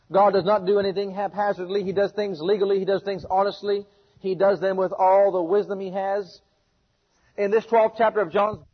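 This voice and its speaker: A man's voice: sits high, husky. A man preaching a fervent sermon, reading scripture and rising to emphatic bursts. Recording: long hall reverb, dull lo-fi sound.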